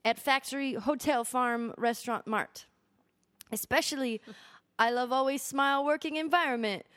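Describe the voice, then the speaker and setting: A woman voicing an earnest young male job applicant with a Korean accent, reading his letter in halting broken English. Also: high-pitched, fairly bright tone, no room sound, studio quality.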